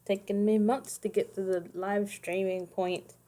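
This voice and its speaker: Mellow-voiced woman rambling on a livestream. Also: mid-range voice, little pitch movement, unhurried. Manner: rambling, self-correcting, chatty asides. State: tired, yawning. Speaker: streamer making custom cards. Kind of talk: casual livestream chat.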